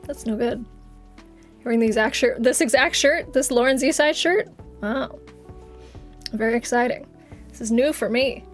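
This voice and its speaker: A woman's voice: on the high side, moderate pace, pauses often. A young woman streamer chatting casually on a live stream, giggling often and swearing offhandedly, with music faintly behind. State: has covid.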